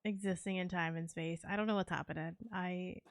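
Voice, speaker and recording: A woman's voice: lowish voice, fairly even intonation, brisk, no room sound. A young woman streaming a cozy game, chatting casually with her viewers and teammates, playful and laughing often. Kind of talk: casual live-stream chat while gaming.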